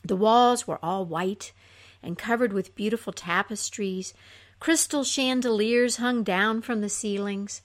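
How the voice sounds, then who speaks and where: A woman telling a fairy tale aloud in an unhurried, expressive way, her voice softening at the ends of phrases. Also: medium pitch. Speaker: storyteller.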